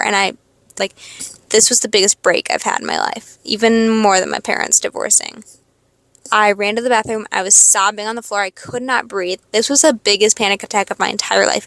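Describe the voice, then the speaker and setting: A woman's voice: mid-range voice, vocal fry, a bit bright, no echo. A young woman hosting a podcast, telling a rambling, expletive-laden personal story in a casual confessional monologue. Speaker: podcast host.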